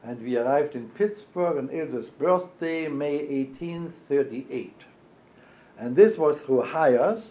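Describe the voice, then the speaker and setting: Older man reminiscing, halting. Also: a little high. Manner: halting, many fillers and self-corrections. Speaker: oral history interviewee. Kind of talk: reminiscing oral history interview. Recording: dull lo-fi archival tape.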